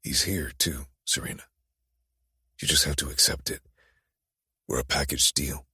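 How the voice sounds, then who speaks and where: A man voicing a brooding, tattooed young man who is possessive and menacing, speaking in a low, teasing murmur for an audiobook. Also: steady tone, unhurried, pushed and bright, no echo, clean studio sound, heavily acted. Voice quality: very deep, gravelly, husky. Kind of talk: audiobook dark romance voice acting.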